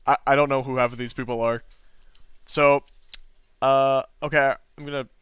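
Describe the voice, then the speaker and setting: A man with a bright, crisp voice chats casually while he draws and answers viewers' questions. He is easygoing and self-deprecating, and he chuckles often. The sound is dry and close, with no room echo. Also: mid-range voice, level tone, normal speed, highs cut off. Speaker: artist streaming drawing requests and Q&A. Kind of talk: casual livestream chat.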